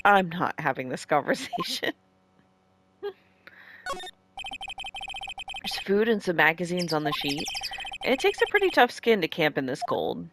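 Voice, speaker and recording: A woman's voice: fairly low pitch, sing-song, moderate pace, noisy background. A woman casually playing through a game and reading its dialogue, playful and chatty with some laughter. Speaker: let's play gamer.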